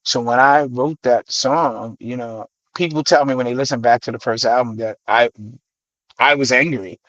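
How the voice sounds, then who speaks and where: A middle-aged man from the Bronx with a New York accent tells his stories as a guest in a dry, close-miked studio. His pitch sits in the middle, and he slips into the voices of the people he quotes. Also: moderate pace, dry recording, dull audio. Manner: animated storyteller who acts out quoted voices. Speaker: guest, hip-hop artist. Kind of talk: radio interview storytelling.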